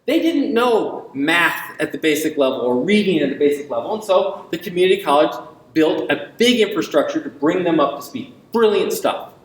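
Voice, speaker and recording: A man's voice: on the high side, expressive, moderate pace. Emphatic male lecturer in an echoey hall. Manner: emphatic, rhetorical questions, ironic asides. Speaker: invited university lecturer. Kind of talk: public lecture.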